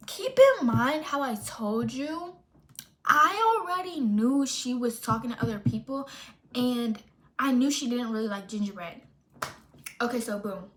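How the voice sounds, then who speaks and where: At a moderate pace and slightly high pitch, a young vlogger shares a casual storytime, lively and chatty. Fillers like "like" abound, she interrupts herself often, and she acts out the things her friends said.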